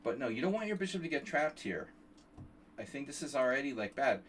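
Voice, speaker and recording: A man's voice: medium pitch, sing-song, a little fast, fairly bright tone, distant mic, slight background noise. Rambling, cursing man streaming chess. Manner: rambling, digressive, swears casually. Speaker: chess coach streaming a game analysis. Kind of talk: casual live-stream commentary.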